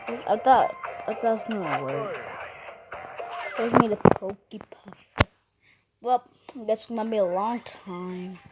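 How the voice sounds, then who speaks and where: A woman's voice: medium pitch, low-quality recording. A woman giving casual, playful commentary while playing a game, talking to the characters and cracking puns. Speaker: gamer.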